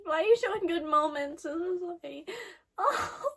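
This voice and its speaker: A woman's voice: very high voice, brisk, a bit bright. A woman giving emotional reaction commentary while watching an anime, swearing and exclaiming.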